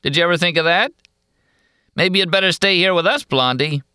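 A man reading an audiobook, voicing a jeering loafer on a dock in a high, tired voice. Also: brisk, bright, forceful tone, smooth, dry recording, studio quality. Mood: taunting.

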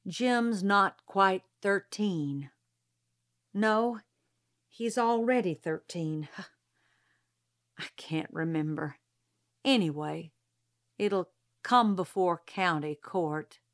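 A woman reading the lines of a principled small-town lawyer and father in an audiobook, calm, firm and earnest, a little louder than her narration. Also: on the low side, drawn-out words, long pauses. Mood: musing.

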